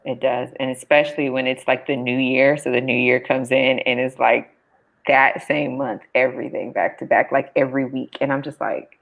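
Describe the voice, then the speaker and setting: A middle-aged woman with a low voice, co-hosting a casual podcast chat. She talks frankly about family life and laughs easily between remarks. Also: level tone, normal speed, creaky. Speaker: co-host.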